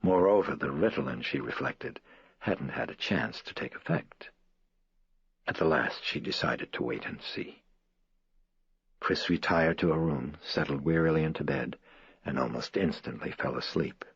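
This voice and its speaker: A man narrating a horror audiobook in a measured, somber manner. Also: very deep voice, creaky, breathy edge, no room sound. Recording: dry, slightly dull lo-fi recording.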